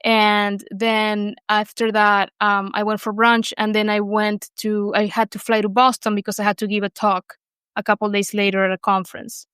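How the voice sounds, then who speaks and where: A woman's voice: medium pitch, little pitch movement, normal speed, a bit bright, clear, resonant tone, no room sound. A young woman from Argentina with an Argentine Spanish accent, whose first language is Spanish, telling her story in an interview with lots of fillers and restarts. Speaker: guest. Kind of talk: conversational interview.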